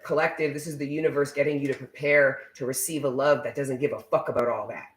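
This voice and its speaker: A man's voice: medium pitch, fairly even intonation, fast talker. Emphatic, swearing man giving a tarot reading. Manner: emphatic, preachy, swears freely. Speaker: tarot reader. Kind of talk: casual spiritual reading for viewers. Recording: roomy echo.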